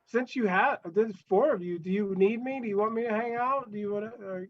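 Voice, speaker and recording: A man's voice: high-pitched, a little fast, lo-fi sound. A man hosting a live online show, chatting casually and hesitantly, often restarting his sentences. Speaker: show host.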